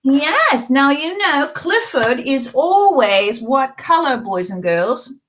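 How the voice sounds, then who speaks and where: A woman's voice: sits high, lively intonation, slow, fairly bright tone, low-quality recording. A middle-aged woman hosting a children's storytime and craft lesson in character, talking in a coaxing, sing-song way to small children.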